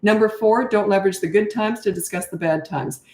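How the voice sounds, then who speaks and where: A woman's voice: medium pitch, brisk, a little mellow, slight background noise. Blunt woman parenting coach, echoey room. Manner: blunt, emphatic, repeats herself for stress. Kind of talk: live-stream Q&A.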